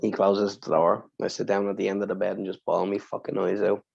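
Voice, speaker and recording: A man on a podcast telling an emotional personal story, swearing freely and speaking with deep feeling. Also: level tone, brisk, creaky, darkish tone, lo-fi sound. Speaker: podcast co-host.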